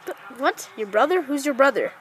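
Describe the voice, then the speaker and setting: A woman's voice: high voice, animated, brisk, noisy background. A woman voicing a jumpy, frightened lady who nervously asks one question after another. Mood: scared, questioning. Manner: nervous, keeps asking questions.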